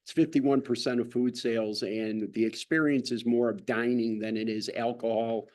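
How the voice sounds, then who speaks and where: A man's voice: mid-range voice, fairly even intonation, normal speed, a little mellow. A man serving as chief of staff, presenting formally to a city council with frequent fillers.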